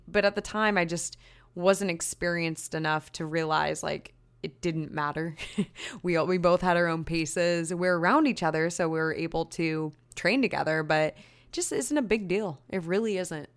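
A woman's voice: on the low side, normal speed, smooth. A young woman hosting a podcast on her own, talking in a chatty, rambling way, mocking herself and drifting into side stories. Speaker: podcast host. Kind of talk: casual solo podcast chat.

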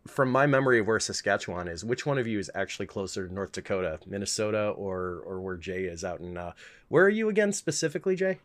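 Fast-talking lower-voiced man, jokey co-host. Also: lively intonation. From Chicago area, USA. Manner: rapid, joking, playful. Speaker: podcast co-host. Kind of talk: casual podcast chat.

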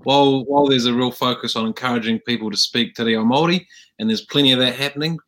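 A man's voice: medium pitch, quick pace, a bit bright. A man with a New Zealand accent hosting a casual interview, speaking in an earnest, conversational way. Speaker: host.

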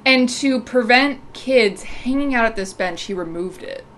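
Young female co-host, animated and bright, light background noise. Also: fairly high pitch, a little slow. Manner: animated, swearing, bursts of laughter. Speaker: podcast co-host. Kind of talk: casual chat.

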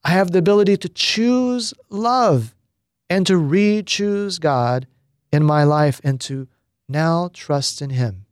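A man, a priest, giving a spoken retreat teaching on prayer in an unhurried, reflective way with pauses and fillers. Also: fairly high pitch, dry recording, studio quality.

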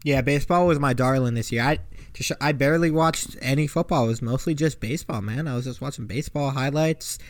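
A young man co-hosting a casual sports podcast, joking around in animated, slangy banter on a close mic. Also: mid-range voice, fairly quick, no room sound. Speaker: podcast co-host. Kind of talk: casual chat.

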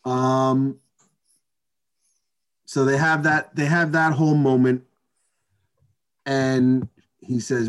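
A man's voice: medium pitch, steady tone, slow pace, pauses often. A man in casual chat, rambling through a movie recap with swearing and quoted dialogue.

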